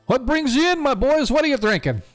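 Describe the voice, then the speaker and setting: A roguish half-elf barkeeper in his thirties, put on by a man running a tabletop game. He talks in a raised, lively voice, chatty and ingratiating, pouring drinks for strangers with smooth, fawning banter. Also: very high-pitched, brisk, music in the background, pitched above the performer's own voice. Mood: welcoming.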